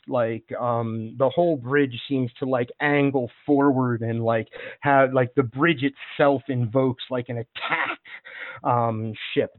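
A man's voice: medium pitch, dry recording. A man running a tabletop role-playing game as game master, narrating scenes in a rambling way with many fillers. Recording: dry, phone-like online call audio.

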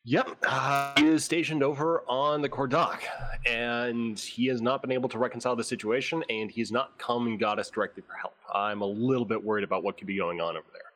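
An easygoing man runs a tabletop role-play as game master. He narrates in a chatty way, with fillers and restarts. His voice sits at an ordinary, mid pitch. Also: fairly even intonation, fairly quick, a bit bright.

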